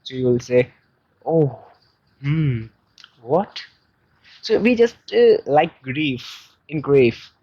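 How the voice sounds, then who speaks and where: Slow, patient man teaching a beginner lesson. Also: medium pitch, very animated, no echo. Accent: South Asian English. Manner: slow, patient explanations with many fillers. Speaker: Chinese teacher. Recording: dull lo-fi sound.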